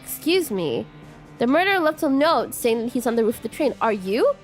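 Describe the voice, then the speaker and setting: A woman voicing a gruff woman detective who calls herself the world's greatest, in a low clipped tough-guy delivery. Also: sing-song, fairly quick, faint music behind.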